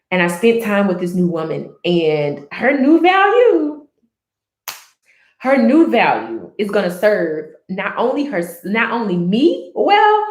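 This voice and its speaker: A woman's voice: a little high, echoey room. A woman vlogging in a casual, earnest way about her personal life, rambling with restarts and fillers. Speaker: book chat vlogger.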